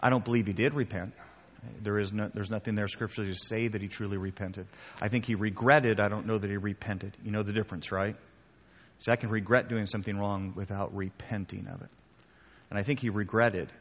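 Casual preacher in an echoey hall. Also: male voice, fairly low pitch, fairly even intonation, fairly quick. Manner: conversational, repeats key phrases, addresses listeners as guys. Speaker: pastor. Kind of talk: sermon with audience questions. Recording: muffled sound with long hall reverb.

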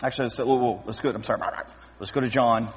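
A man preaching a sermon as pastor, lively and acting out scripture scenes with voices. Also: medium pitch, quick pace, husky. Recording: long hall reverb.

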